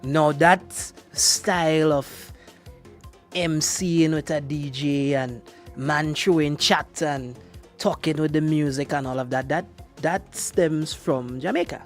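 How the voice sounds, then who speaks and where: Animated radio DJ man. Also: fairly high pitch, takes it slowly, soft background music. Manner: playful, animated, teasing. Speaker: radio DJ and host. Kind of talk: morning radio banter.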